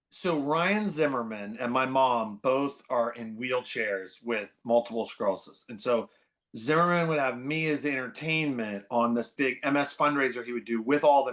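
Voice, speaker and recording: A man in his forties from the Bay Area, a podcast guest telling stories in an animated, rambling way full of "like". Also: medium pitch. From San Francisco Bay Area. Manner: animated, filler-heavy, constant "like". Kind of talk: casual storytelling chat.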